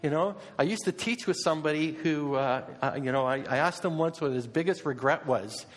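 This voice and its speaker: A man's voice: on the high side, brisk. Man preaching in a reverberant hall. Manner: conversational, asks the congregation repeated questions. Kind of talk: sermon.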